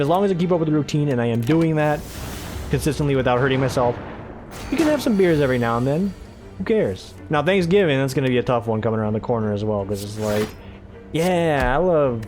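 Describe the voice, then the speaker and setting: A man casually commentating his own game playthrough, rambling, tripping over his words and swearing offhandedly. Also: medium pitch. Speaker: let's play host.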